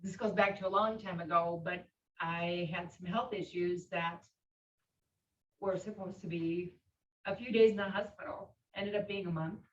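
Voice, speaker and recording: A woman's voice: lowish voice, fairly even intonation, moderate pace. A woman on a coaching call sharing a personal story in a hesitant, heartfelt way. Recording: distant muffled audio with faint hiss.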